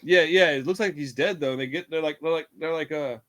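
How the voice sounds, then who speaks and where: A podcast co-host chats casually about a horror movie, hyper yet tired, swearing often, laughing a lot, and acting out scenes. His voice is on the high side, a bit bright, and quick.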